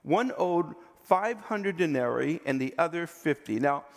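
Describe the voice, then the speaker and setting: Lively slow-preaching man in a reverberant hall. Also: fairly high pitch. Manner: expressive, emphatic, often drops to a quiet intense tone. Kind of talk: sermon.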